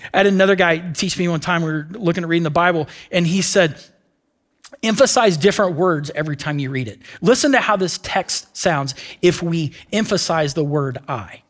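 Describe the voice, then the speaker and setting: A man with a fairly high voice delivers a sermon. He swings between animated, quick-paced explanation and a low, hushed near-whisper when he presses a point. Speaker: pastor.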